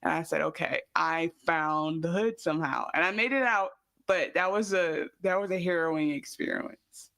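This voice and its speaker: A woman's voice: sits low, normal speed, creaky, no room sound. Female podcast co-host, casual, jokey storyteller, dry mic. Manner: animated storyteller, loose and joking. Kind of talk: casual chat.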